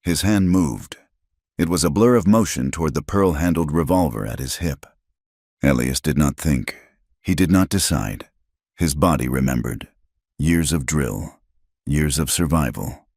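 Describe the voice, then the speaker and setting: A man reading a dramatic frontier tale as scripted narration in a steady storyteller's manner. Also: extremely low pitch, measured pace, no room sound, studio quality.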